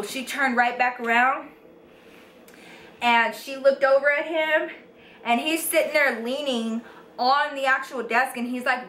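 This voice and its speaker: A young American woman in her twenties, a beauty vlogger, tells a storytime monologue to camera in a high, slightly bright voice, swearing freely and leaning on "like" and "you guys." The room is echoey, with a faint hiss in the background.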